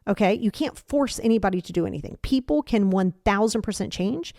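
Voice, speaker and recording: A woman's voice: mid-range voice, lively intonation, brisk, mellow, no echo, studio quality. A middle-aged woman hosting a solo podcast, giving blunt, emphatic tough-love advice about emotions as a coach.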